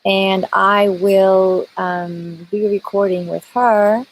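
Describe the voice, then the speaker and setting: A woman's voice: mid-range voice, fairly even intonation, slow pace, a little hiss or hum, low-quality recording. A woman singer chatting casually with viewers on a live stream, greeting them by name and talking with lots of fillers. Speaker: singer hosting a live chat.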